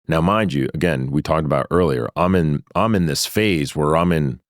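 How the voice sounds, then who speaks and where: Deep-voiced man telling a lively story. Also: normal speed, dry recording, studio quality. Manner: animated storyteller who acts out dialogue and laughs often. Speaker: guest telling his story. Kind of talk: personal story told in a studio interview. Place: sound studio. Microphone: studio microphone.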